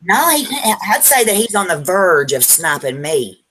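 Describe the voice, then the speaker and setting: A woman with a lowish voice that swings widely in pitch, arguing bluntly in a casual online hangout. She confronts the other speaker directly and curses freely. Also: sing-song, moderate pace, crowd noise. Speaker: participant in an online group hangout. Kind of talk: heated casual argument.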